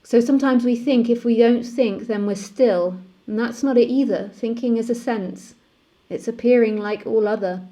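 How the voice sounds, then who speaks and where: A woman, a spiritual teacher, speaking calmly and repetitively in a live-streamed session and laughing easily. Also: fairly high pitch, normal speed.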